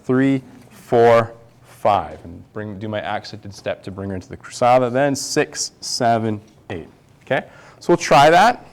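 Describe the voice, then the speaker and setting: A man's voice: lowish voice, lively intonation, unhurried. A male tango instructor teaching a dance class, counting the steps aloud as he demonstrates them. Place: dance studio.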